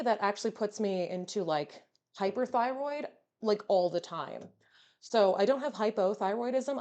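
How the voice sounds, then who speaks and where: A woman streamer chatting casually with her live audience while she cooks. Her pitch swings widely and she sounds playful and animated. She keeps slipping in easygoing fillers as she talks. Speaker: VTuber streamer. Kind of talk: casual livestream chat while cooking.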